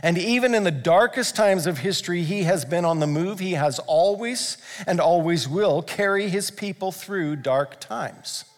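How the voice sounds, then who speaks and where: A man's voice: sits high, a little slow, few pauses. A male pastor preaching a sermon, earnest and building to fervent emphasis. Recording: long hall reverb.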